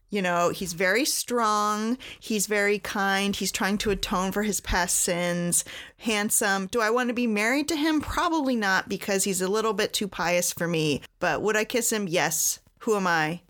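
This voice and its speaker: A woman's voice: mid-range voice, measured pace, a bit bright. Chatty woman co-hosting a book podcast. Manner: chatty, laughs often. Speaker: podcast co-host. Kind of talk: casual book chat.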